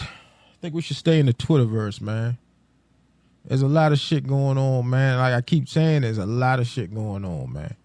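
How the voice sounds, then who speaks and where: A man's voice: mid-range voice, dark tone, no room sound. Profane rambling podcast host man. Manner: profane, rambling, streetwise slang. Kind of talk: casual solo podcast rant.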